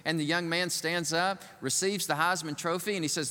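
A pastor delivering an animated sermon in a large church, acting out the voices of the people he tells about. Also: fairly high pitch, normal speed, few pauses, big-room sound. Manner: animated, acts out the people he quotes.

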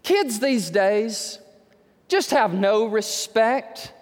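A man's voice: high-pitched, lively intonation, very slow, full character voice. A preacher doing a scornful scolding woman. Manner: scornful, indignant. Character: mean, scolding woman in a restaurant. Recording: reverberant hall.

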